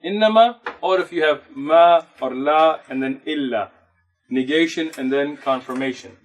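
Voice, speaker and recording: Teaching Arabic grammar in a mosque classroom, a man with a fairly high voice lectures patiently, weaving Arabic terms into English. He recites the Arabic texts at a fast clip.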